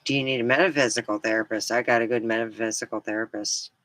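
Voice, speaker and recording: A woman's voice: very deep voice, steady tone, fast talker, a bit bright, no echo. Middle-aged lady rambling to her camera, lots of laughs, dead dry sound. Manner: chatty, scattered, laughs a lot. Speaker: vlogger. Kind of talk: rambling casual chat.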